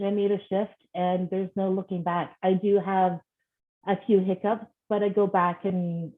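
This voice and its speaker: Woman on a tinny phone-like line. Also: lowish voice. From Scotland. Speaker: guest children's author. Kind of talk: casual interview chat.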